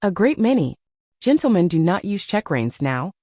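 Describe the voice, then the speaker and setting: A woman doing a gentle genteel lady. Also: fairly low pitch, very animated, normal speed, no echo, clean studio sound. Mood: persuasive. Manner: gentle, persuasive, earnest. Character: kind, genteel Victorian lady.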